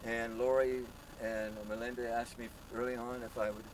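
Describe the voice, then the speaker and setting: A man in his seventies, a muralist, telling stories in an interview in a lively way and acting out the people in them. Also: mid-range voice, normal speed, a little hiss or hum, poor audio. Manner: lively storyteller, acts out voices. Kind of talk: storytelling interview.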